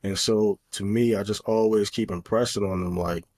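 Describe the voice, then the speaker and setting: A man's voice: on the low side, fairly even intonation, moderate pace, darkish tone. A middle-aged man co-hosting a podcast, talking in an earnest, opinionated way with lots of fillers. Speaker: podcast co-host. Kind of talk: casual chat.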